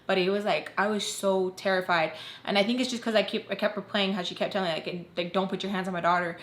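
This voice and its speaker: A woman's voice: mid-range voice, steady tone, quick pace. Young female vlogger, rambling casual storyteller, roomy echo. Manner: chatty, heavy use of "like", acts out quoted voices.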